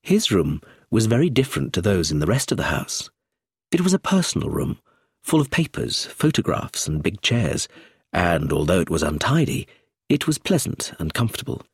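A man reading a story aloud as narrator, in an expressive scripted narration. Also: low voice, moderate pace, creaky, breathy edge, no echo, clean studio sound.

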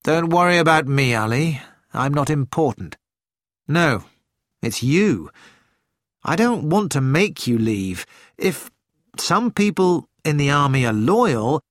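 A man reading an audiobook and voicing a loyal young pilot who speaks in a steady, grim manner. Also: fairly high pitch, slow pace, no echo, studio quality. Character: young male pilot, calm loyal friend.

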